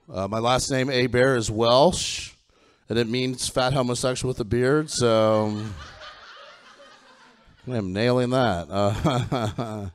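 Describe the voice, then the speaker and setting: Middle-aged guy doing stand-up, campy and self-mocking, punchy jokes, giggles a lot, ordinary middle pitch. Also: slow, long pauses. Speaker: stand-up comedian. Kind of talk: stand-up comedy set. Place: comedy theatre stage.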